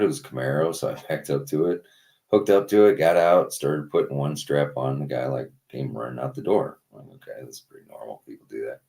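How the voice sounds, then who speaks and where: A man's voice: rumbling low, gravelly, darkish tone. A man on a casual streamed talk show, telling a rambling story about his tow truck job, swearing and packing his talk with fillers. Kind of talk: casual podcast chat.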